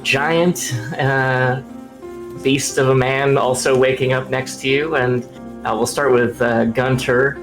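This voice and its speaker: A man narrating as game master over a video call, relaxed and full of fillers. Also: mid-range voice, slow, music in the background. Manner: relaxed, many fillers and restarts.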